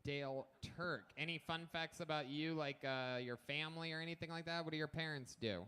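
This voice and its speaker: A slightly high-voiced man hosts a live comedy show, roasting his guest with crude, mocking jokes. The recording is noisy, with clear background sound under him throughout. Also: fairly even intonation, brisk, bright, forceful tone.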